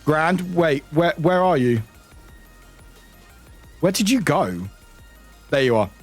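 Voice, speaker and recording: A tired British man streaming live, chatting in a rambling, excitable way and swearing now and then. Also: a little high, slow, faint music behind. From United Kingdom. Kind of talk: casual livestream chat.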